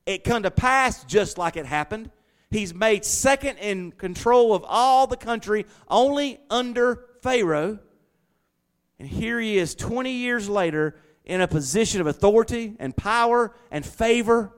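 Male pastor, slightly raised pitch, animated sermon delivery with sudden drops to quiet asides. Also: unhurried, clear, resonant tone. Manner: animated, swings from loud emphasis to quiet asides.

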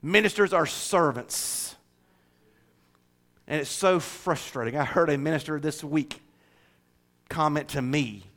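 A man pastor preaching a sermon in a church, animated, shifting from loud declarations to hushed asides with jokes. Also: on the high side, unhurried, long pauses. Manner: animated, swings from shouting to hushed, joking asides.

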